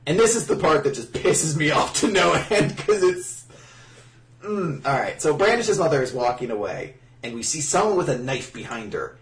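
This podcast co-host has a slightly high voice at normal speed, picked up from a distance in a roomy, off-mic space with faint music behind. He rambles through manga chapter recaps, laughing a lot, swearing, and acting out lines in mock voices with animated energy.

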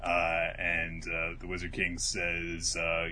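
A man with a low voice and a bright, forceful tone, talking casually as a podcast co-host. He rambles through a comic recap, swears freely and breaks into quick impressions of the characters. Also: completely flat delivery, slight background noise. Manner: rambling, swears, acts out quotes.

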